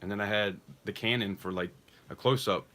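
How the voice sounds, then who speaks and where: Male auction stream host, lower voice, casual bid calling, rambling chat. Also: a little fast, sharp tone. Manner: chatty, rambling asides between bid calls.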